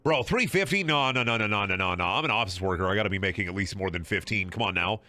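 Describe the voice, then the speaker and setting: Bright, lively young man streaming a game. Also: on the low side, fast, dry recording. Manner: sarcastic, rambling, profane, with frequent laughing and repeated words. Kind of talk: casual game livestream commentary.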